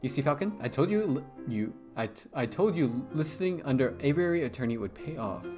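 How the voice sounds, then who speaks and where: A man's voice: medium pitch, expressive, a little fast, darkish tone, soft background music, pitched above the performer's own voice, close to an everyday voice. Man doing a keen young assistant. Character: young male assistant, eager and boastful.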